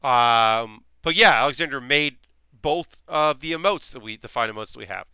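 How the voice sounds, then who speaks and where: A man's voice: mid-range voice, normal speed, sharp tone, clean tone, no echo, clean studio sound. A man chatting casually with his live chat while building costume armor in his workshop, rambling with lots of fillers. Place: home workshop.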